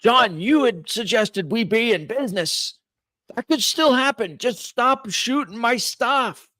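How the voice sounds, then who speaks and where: A man's voice: expressive, a little slow, sharp tone, no room sound, studio quality, full character voice. A man voicing a scheming old man who talks through a robot's speakers, wheedling and stammering. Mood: commanding. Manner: wheedling, stammering, then shrill and frantic. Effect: speaker-amplified mech voice.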